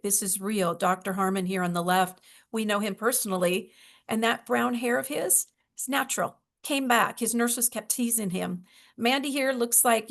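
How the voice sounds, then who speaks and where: A woman's voice: a little high, vocal fry. A woman hosting a wellness video call, chatty and emotional, with many fillers. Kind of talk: casual presentation on a video call.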